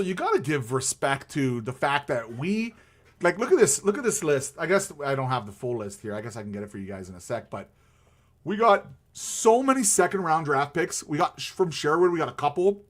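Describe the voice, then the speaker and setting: A man's voice: on the high side, fairly bright tone. A man hosting a live stream, chatting casually about hockey in a rambling way with many fillers and restarts.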